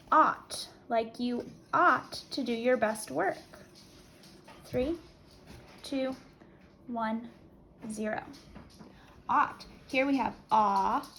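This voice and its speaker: Slow, clear woman teacher dictating spelling. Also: on the high side, fairly bright tone, slight background noise, low-quality recording. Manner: slow, clear, deliberate word-by-word dictation with countdowns.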